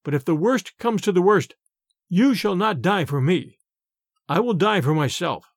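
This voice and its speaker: A worried abbot pleads earnestly with his king, his lively voice rising with feeling, as a male reader puts him on. The sound is close and dry. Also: high voice, a little slow, no echo, full character voice. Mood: pleading.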